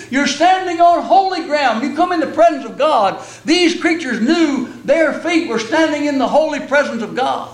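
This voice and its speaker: Older male preacher, very high voice, folksy sermon storyteller, roomy echo. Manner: folksy storytelling, repeats words when starting. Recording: echoey room.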